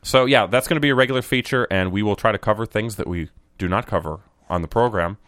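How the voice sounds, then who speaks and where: A man's voice: fairly low pitch, fast, fairly bright tone, no room sound, studio quality. A man co-hosting a podcast, chatting casually and joking with his co-hosts in a rambling way. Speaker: podcast co-host. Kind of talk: casual chat.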